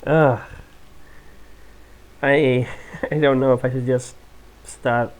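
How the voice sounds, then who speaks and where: A woman's voice: a bass voice, flat delivery, measured pace, a little mellow. A woman, sick and congested, casually playing a video game and reading her dialogue choices aloud. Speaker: gaming video host. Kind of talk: casual let's-play commentary.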